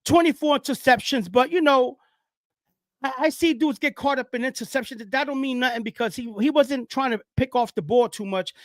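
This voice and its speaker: A man hosting his own football talk show, speaking casually and excitedly, preaching to viewers and whooping as he hypes his segments. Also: extremely high pitch, fairly quick, no room sound, clean studio sound. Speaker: sports show host. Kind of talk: casual sports talk monologue.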